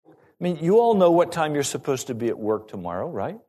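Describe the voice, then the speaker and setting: This male pastor preaches to his congregation with an animated, rising and falling delivery. His voice is on the high side and his pace fairly quick.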